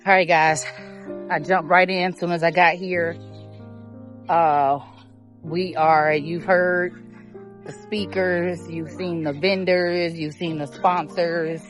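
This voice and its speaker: Slow, low-voiced woman vlogging on a walk. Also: steady tone. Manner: chatty and rambling, with many fillers. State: out of breath while walking. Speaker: vlogger filming a live stream. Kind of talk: casual live-stream commentary. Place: outdoor trail at a charity walk event. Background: live music.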